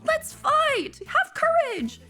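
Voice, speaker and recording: Katara, as a woman mimics a high rousing heroine. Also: very animated, slow, bright, forceful tone, heavily acted. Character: earnest young heroine rallying scared fighters.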